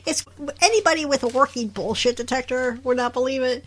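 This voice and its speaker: A woman's voice: a little high, brisk, hardly any pauses, fairly bright tone. A woman co-hosting a podcast, recapping a show in casual chat, laughing often and acting out the characters' lines. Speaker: podcast co-host.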